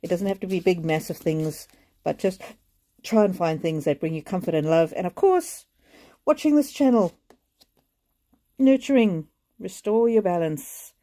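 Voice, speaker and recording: A woman with a lowish, mellow voice gives a live card reading, speaking softly and reassuringly to her viewers. Her talk is chatty and loose, full of fillers and sentences that trail off, and she is often on the edge of tears. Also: measured pace, long pauses. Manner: gentle and reassuring, talks straight to viewers; emotional, close to tears. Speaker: oracle card reader.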